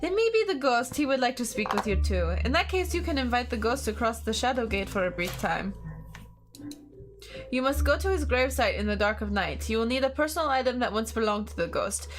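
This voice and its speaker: A grave, instructive spirit talker, as a woman puts her on for a fantasy game. She speaks fairly high and steady over clear game music. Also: brisk, natural voice. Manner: solemn, instructive.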